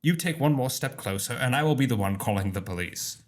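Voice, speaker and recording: A no-nonsense bus driver with a put-on British accent, firm and dry, as a man reads him. His pitch swings lively through each line. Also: fairly quick, close to an everyday voice.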